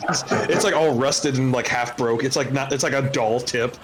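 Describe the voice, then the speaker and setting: Laughing, rambling game master. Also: male voice, medium pitch, normal speed, slight background noise, poor audio. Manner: rambling with many fillers and laughs. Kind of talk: narrating a tabletop game.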